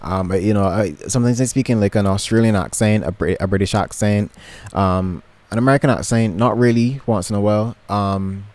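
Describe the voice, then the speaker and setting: Speaking briskly in a lowish, darkish voice, this young man from Barbados vlogs from his bedroom with a Barbadian accent. He rambles casually to camera, often saying um and starting over.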